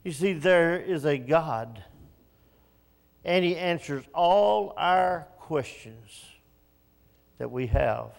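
A high-voiced man pastor preaching at an unhurried pace. He talks in a folksy, self-mocking way and builds to shouts. His voice rings with the long reverb of a church hall. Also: lively intonation, vocal fry. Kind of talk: sermon.

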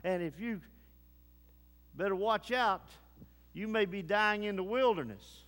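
A man preaching a sermon with fervent delivery, moving between low grave tones and rising urgency. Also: measured pace, fairly bright tone, big-room sound.

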